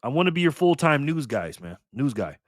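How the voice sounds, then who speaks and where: A man's voice: medium pitch, very animated, fairly quick, no room sound, studio quality. A man hosting a casual livestream, talking in a slangy, playful way and thanking viewers by name. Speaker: livestream host reading donations.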